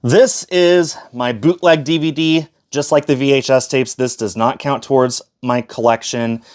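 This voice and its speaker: A man's voice: mid-range voice, steady tone, unhurried. Chatty man touring his collection. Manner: chatty, fillers and self-corrections. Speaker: collector showing his shelf. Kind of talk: casual collection tour vlog.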